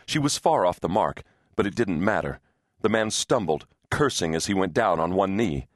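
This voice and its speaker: Low-voiced man narrating a thriller. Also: lively intonation, moderate pace, no echo, clean studio sound. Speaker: audiobook narrator.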